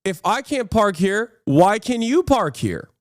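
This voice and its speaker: A man voicing an entitled, rude male driver who protests in a whiny, rushed way. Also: high-pitched, very animated, dry recording, studio quality, pitched above the performer's own voice. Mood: indignant.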